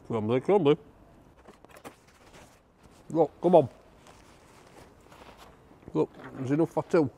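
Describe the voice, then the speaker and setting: A man's voice: on the high side, expressive, unhurried, long pauses, darkish tone, faint music behind. Gushing man reviewing food. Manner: enthusiastic, chatty, gushing over food. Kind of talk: casual food review to camera.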